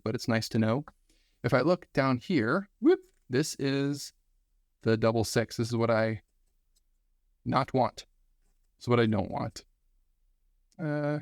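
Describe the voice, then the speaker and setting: A man's voice: medium pitch, dry recording, studio quality. A man teaching a recorded statistics lesson, talking energetically and repeating phrases for emphasis.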